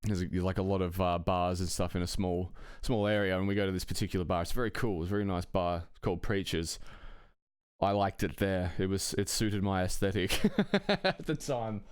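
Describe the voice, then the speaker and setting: A man's voice: low voice, normal speed, clean tone, dry recording, clean studio sound. A man telling a personal anecdote in a casual, rambling way, swearing often and chuckling between phrases. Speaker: storyteller.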